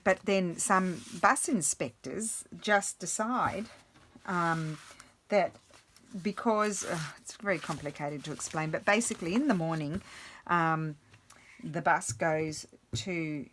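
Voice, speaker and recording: A woman's voice: on the low side, fairly bright tone, a little hiss or hum. Chatty woman crafting on camera. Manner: rambling, chatty, many fillers and restarts. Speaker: craft vlogger. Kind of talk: casual chat while crafting.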